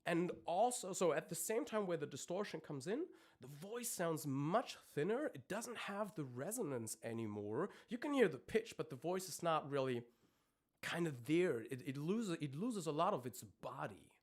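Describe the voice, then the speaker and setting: Speaking at a moderate pace, his voice on the high side with big pitch swings, a male vocal coach explains technique in a live-streamed lesson. He demonstrates screams between explanations full of ums and restarts.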